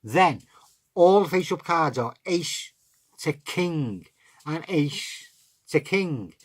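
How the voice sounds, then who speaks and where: A man's voice: fairly high pitch, expressive, slow pace, husky. Chatty man teaching card tricks. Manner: chatty, explains step by step, talks to himself. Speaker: magic tutorial host.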